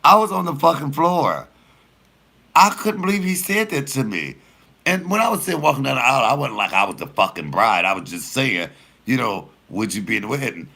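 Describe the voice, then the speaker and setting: A comedian man tells stories to his viewers in a lively, swooping voice that sits low and turns gravelly. His tone has a bright, forceful edge, and he swears freely as he talks. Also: brisk. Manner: animated, profane, laughing storyteller; addresses viewers directly. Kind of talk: casual storytelling to viewers.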